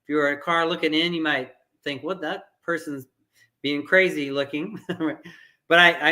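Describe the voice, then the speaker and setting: A man's voice: on the high side, steady tone, normal speed, bright, forceful tone. A middle-aged man giving an earnest motivational fitness talk as a coach, repeating phrases for emphasis.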